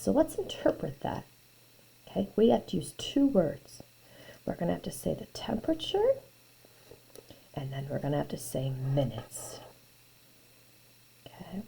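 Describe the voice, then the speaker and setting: Slow, gravelly-voiced woman teaching math. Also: on the low side, dark tone, rough recording. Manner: thinks aloud, repeats phrases, often drops to a near-whisper. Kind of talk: recorded video lesson, working through graphs.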